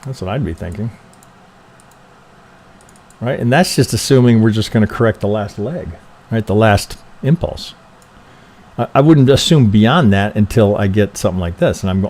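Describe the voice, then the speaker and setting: A man's voice: lowish voice, animated, normal speed, pauses often, a little mellow. A man reviewing trading charts on a live stream, thinking aloud casually, swearing freely and checking in with "right?" after nearly every point.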